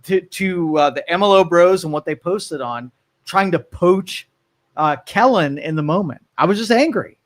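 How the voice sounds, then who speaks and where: A man from Ohio co-hosting a live call-in show, owning up to his mistakes with a sheepish, halting delivery full of restarts. His voice runs a little higher than most men's. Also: lively intonation, no room sound. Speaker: podcast co-host. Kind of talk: casual radio talk show banter.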